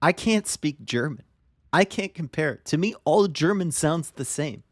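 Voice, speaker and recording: A man's voice: a little high, animated, a little slow, dry recording, studio quality. A man casting a strategy game match live on stream in a casual, joking way, cheering players on. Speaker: esports caster.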